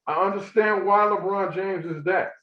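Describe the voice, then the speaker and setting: High-pitched ranting man, roomy lo-fi sound. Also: normal speed. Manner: animated, ranting, profane. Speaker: podcast co-host. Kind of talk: casual heated chat.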